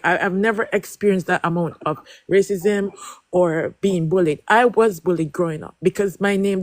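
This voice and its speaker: A woman's voice: lowish voice, dry recording. A woman speaking as a panelist, emotional and heartfelt, apologizing as she goes. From Jamaica. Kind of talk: live panel discussion.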